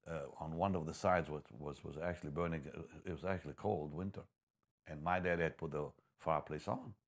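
A man preaching a sermon, telling a personal testimony and reading scripture, moving from hushed storytelling to loud emphatic passages. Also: deep voice.

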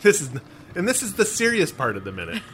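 A man co-hosts a casual podcast and recaps a film scene by scene, full of jokes and rambling asides. His voice sits a little high and swings widely in pitch. The tone is bright and forward. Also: fast, a little hiss or hum. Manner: animated, joking, rambling asides. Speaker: podcast co-host.

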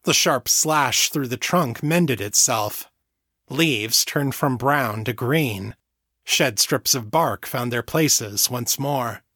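A man narrating a novel chapter in a steady, measured reading voice. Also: medium pitch, no room sound, clean studio sound. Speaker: audiobook narrator. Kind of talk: scripted narration.

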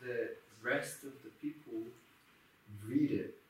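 Bright-voiced man, very echoey. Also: mid-range voice, steady tone, takes it slowly, far from the mic, a little hiss or hum. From Israel. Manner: brief, fragmentary interjections. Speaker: interview guest, musician. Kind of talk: casual interview.

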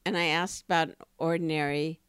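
Podcast co-host, female, low-pitched, dry close sound, animated storyteller. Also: fairly quick, clean tone, dry recording. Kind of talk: casual podcast conversation.

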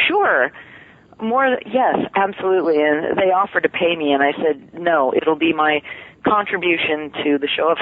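A woman's voice: lowish voice, no echo. A woman voice actress, a guest on an interview show, chatting casually with lots of laughter and self-deprecating humor. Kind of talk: casual podcast interview chat. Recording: tinny phone line, dry.

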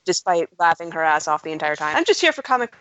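A woman's voice: low voice, big pitch swings, fast talker, a bit bright, dry recording. A woman playing along in a podcast quiz who keeps giggling. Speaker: quiz contestant. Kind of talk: casual podcast chat.

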